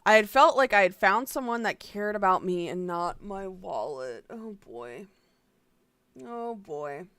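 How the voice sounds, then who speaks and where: A woman's voice: mid-range voice, expressive, unhurried, fairly bright tone, clear, resonant tone, no room sound. A woman streamer giving casual reaction commentary, exasperated and profane, sighing often.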